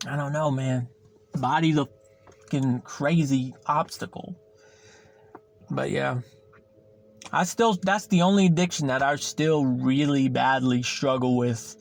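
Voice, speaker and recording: A man's voice: medium pitch, fairly even intonation, measured pace, vocal fry, long pauses. A young man hosting a podcast, chatting casually and rambling, repeating himself and swearing freely. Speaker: podcast host. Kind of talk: casual solo chat.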